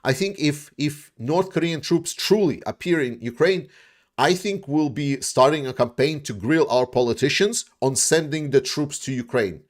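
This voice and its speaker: A YouTube war commentator with a voice on the high side talks at a moderate pace. He casually comments and fields viewer questions in a blunt way, with frequent restarts, many fillers, and some cursing.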